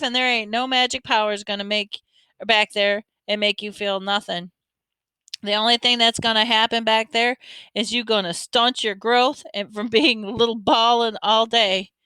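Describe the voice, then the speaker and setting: A blunt, bossy teenage boy who scolds in slangy street talk, as a woman reader puts him on. The voice sits high and bright, clean and crisp, with a dry close sound and no room around it. The voice is kept full and firm. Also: dry recording.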